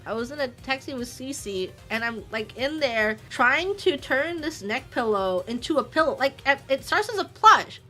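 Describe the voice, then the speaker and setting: A woman's voice: high voice, sharp tone. A young woman streamer telling funny stories in casual chat, giggling and acting out her friends' lines.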